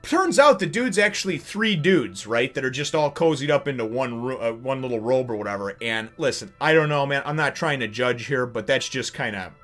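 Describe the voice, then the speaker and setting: Hyped-up young guy doing a manga review, lively and excited, casual talk. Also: mid-range voice, brisk, hardly any pauses, soft background music. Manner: energetic, hyped, swings into loud acted-out quotes.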